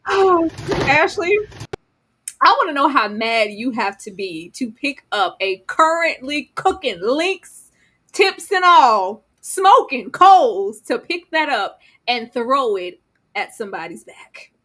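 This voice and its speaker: High lively Southern woman co-host. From Texas. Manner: animated, laughing, drawn-out emphasis. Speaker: podcast co-host. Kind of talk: casual chat.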